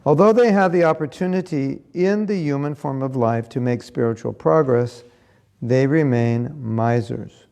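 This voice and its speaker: A man's voice: medium pitch, normal speed, vocal fry, darkish tone. A man giving a scripture class in a conversational, storytelling way, sometimes turning to ask his listeners questions. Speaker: class speaker.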